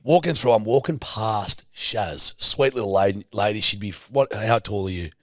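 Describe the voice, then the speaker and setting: A young Australian man co-hosting a podcast, telling stories in an animated way, acting out voices and swearing freely. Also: fairly low pitch, normal speed, no room sound, clean studio sound. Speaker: podcast co-host. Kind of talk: casual chat.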